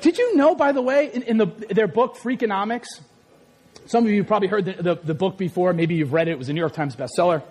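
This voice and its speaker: High-voiced shouting man preaching. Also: fast, in a large hall. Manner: animated and joking, often shouting. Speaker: pastor. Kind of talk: sermon. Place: church sanctuary.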